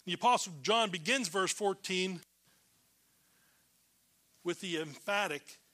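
A man preaching a sermon as a pastor, emphatic, swinging between loud declarations and hushed low lines. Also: slow.

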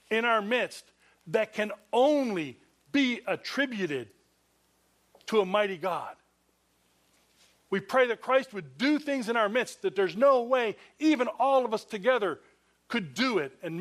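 A man's voice: high voice, a bit bright. A man preaching a sermon as a pastor, earnest and conversational, acting out quoted voices as he goes.

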